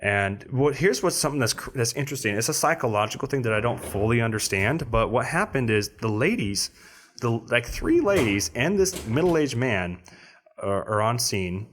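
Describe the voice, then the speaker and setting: A man on a podcast telling a story in casual chat, acting out other people with sudden high voices. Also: expressive, moderate pace, a bit bright, a little hiss or hum. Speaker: podcast co-host.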